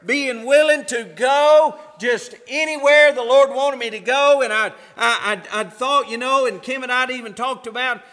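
A man's voice: extremely high pitch, fairly even intonation, moderate pace, hardly any pauses, bright, forceful tone, big-room sound. A man preaching a sermon as pastor, fervent and repeating his phrases for emphasis.

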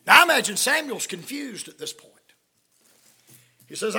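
High-voiced, gravelly male preacher, dramatic storytelling, long hall echo. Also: very animated, normal speed, long pauses. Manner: dramatic storytelling, swinging from hushed to shouting. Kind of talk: sermon.

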